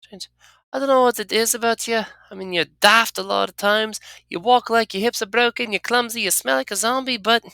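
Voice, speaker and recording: A player voicing a prickly young tiefling woman, gruff and defensive. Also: mid-range voice, fairly quick, bright, forceful tone, no echo, pitched above the performer's own voice. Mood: grudging. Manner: gruff, defensive, inverted word order. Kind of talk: reading game dialogue aloud.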